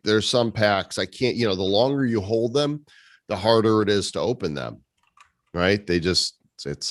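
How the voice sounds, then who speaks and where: A man with a low voice hosts a casual community meeting over a video call, recorded with no room sound. He teases his co-hosts with sarcastic jokes and banter.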